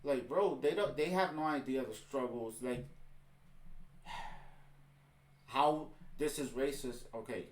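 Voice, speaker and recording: A man's voice: mid-range voice, slow, pauses often. A man hosting a reaction video, ranting in heated, exasperated commentary and saying "bro" often. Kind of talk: ranting commentary over a clip. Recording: roomy echo.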